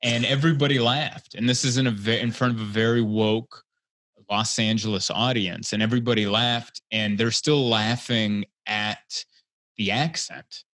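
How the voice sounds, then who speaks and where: A man's voice: on the low side, moderate pace, no echo. Chatty comedian man, dry close sound. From Hungary. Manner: chatty storyteller, rambling with fillers, gets animated. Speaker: guest comedian. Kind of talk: casual podcast conversation.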